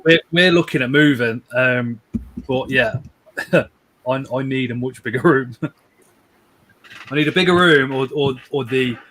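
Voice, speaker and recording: A man's voice: medium pitch, takes it slowly, long pauses, pushed and bright, a little hiss or hum. A man hosting a casual live stream from home, rambling, repeating words and chuckling as he reads out viewer comments.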